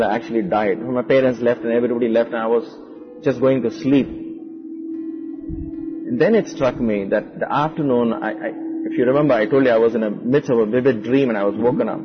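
A man telling a personal story in conversation, animated, with frequent restarts. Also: medium pitch. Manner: animated, acts out quoted voices, frequent restarts. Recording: muffled with long reverb and faint music.

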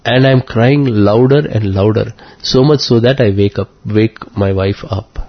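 Guy from india telling a personal story, earnest, halting, slightly raspy, dull muffled audio. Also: lowish voice. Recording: muffled lo-fi recording.

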